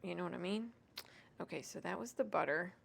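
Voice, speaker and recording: A woman's voice: lowish voice, fairly quick, vocal fry, breathy edge. A woman hosting a home cooking vlog, chatting casually and self-deprecatingly to viewers as she cooks. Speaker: home cooking show host.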